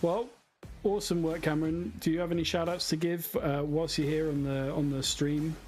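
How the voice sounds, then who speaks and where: A man's voice: fairly high pitch, fairly even intonation, moderate pace, darkish tone, soft background music. A man hosting a racing livestream, interviewing a driver with chatty, friendly banter. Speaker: stream host, interviewer.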